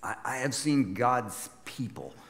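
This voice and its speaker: A man's voice: mid-range voice, expressive, takes it slowly, in a large hall. A man playing an old prophet in his seventies, weary and burdened, speaking a grave monologue with wry asides. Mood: solemn. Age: 70s. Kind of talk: dramatic first-person sermon monologue.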